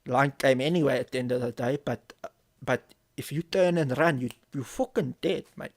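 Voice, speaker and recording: A man's voice: mid-range voice, moderate pace. A man casually telling a story on a live stream, swearing often and repeating phrases as he builds tension. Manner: profane, vivid storyteller who repeats phrases.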